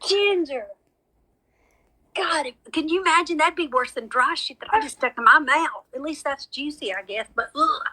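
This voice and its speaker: Lady rambling on a phone live stream, high bright voice, calls everybody y'all. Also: rough recording. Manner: chatty, dramatic, talks straight to viewers as y'all. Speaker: medium hosting a live stream. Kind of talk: casual live-stream chat.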